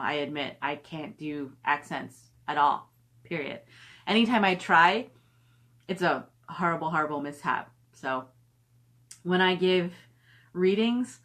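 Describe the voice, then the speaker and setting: A woman's voice: deep voice, a bit bright. A middle-aged woman chatting casually on a live stream from home, reading viewer comments aloud and cooing at her dog. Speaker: author hosting a live stream.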